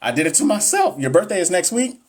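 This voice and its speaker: A man's voice: high-pitched, big pitch swings, fast talker. A man in his thirties tutoring nurses on a livestream, reading exam questions and joking with the chat. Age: 30s. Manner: chatty, joking, reads questions aloud to the chat. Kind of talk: casual livestream teaching.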